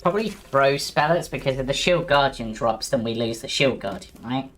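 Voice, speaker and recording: A woman's voice: extremely low pitch, lively intonation, normal speed. A woman player in a tabletop game, thinking aloud with hesitant fillers. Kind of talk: casual tabletop play.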